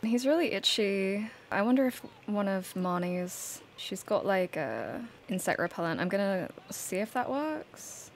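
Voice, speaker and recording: A woman's voice: mid-range voice, big pitch swings, unhurried, hardly any pauses, a little hiss or hum. A woman narrating her gameplay in a casual, chatty, storytelling way. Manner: chatty, storytelling, laughs now and then. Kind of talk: casual let's-play narration.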